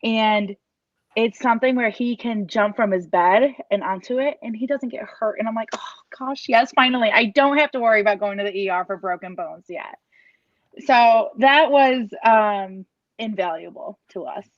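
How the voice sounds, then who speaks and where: A woman's voice: a little high, normal speed, no room sound, dull audio. A woman in her thirties telling an emotional personal story about her son, earnest and rambling, full of restarts and quoted thoughts. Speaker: parent giving a testimonial.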